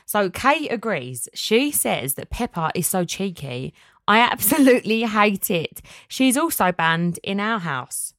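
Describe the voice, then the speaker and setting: Chatty mum hosting a podcast. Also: female voice, medium pitch, measured pace, dry recording, studio quality. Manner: chatty, animated, laughs often. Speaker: podcast host. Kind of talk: casual chat, reading listener messages.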